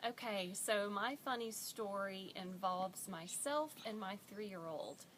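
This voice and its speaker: A mother telling a funny story about her toddler in an expressive, animated way, recorded as an audition. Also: mid-range voice, takes it slowly, a little hiss or hum.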